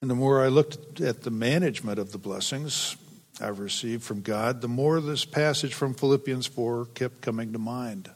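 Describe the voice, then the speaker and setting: A man's voice: medium pitch, normal speed. A man reading scripture and preaching a sermon in a church, earnest and dryly humorous. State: a bit weepy. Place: church sanctuary. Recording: long hall reverb.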